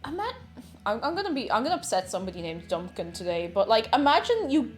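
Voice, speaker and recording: A woman's voice: a little high, sing-song, fast, faint music behind. A woman chatting casually while she cooks on a live stream, giggly and talkative, reading out chat messages. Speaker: cooking streamer.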